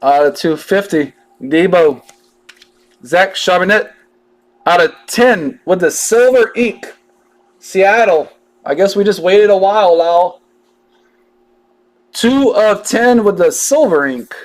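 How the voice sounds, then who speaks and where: A man's voice: sits high, expressive, takes it slowly, pauses often. A man chatting casually while he opens trading cards on a live break, drawling and joking as he reads out each card.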